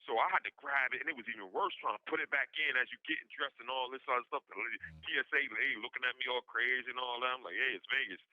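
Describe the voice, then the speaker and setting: Animated man telling a story over a dull phone line. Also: racing, hardly any pauses, no echo. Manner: animated, acts out every voice in his anecdote with big pitch jumps; slangy, loose street talk. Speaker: podcast guest. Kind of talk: casual storytelling. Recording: dull lo-fi prison phone call.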